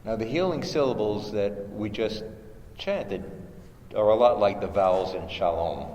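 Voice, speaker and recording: A man leading a contemplative prayer workshop, giving gentle instructions with hesitant restarts and chanting syllables. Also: fairly low pitch, animated, a little slow. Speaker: meditation teacher. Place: large chapel with long reverb. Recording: echoey chapel recording, faint hiss.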